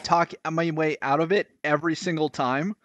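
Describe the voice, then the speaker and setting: A man's voice: fairly high pitch, steady tone, normal speed, fairly bright tone, lo-fi sound, slight background noise. A young man hosting a talk show, telling a story in a rambling, nervous way. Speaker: host. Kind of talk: casual chat.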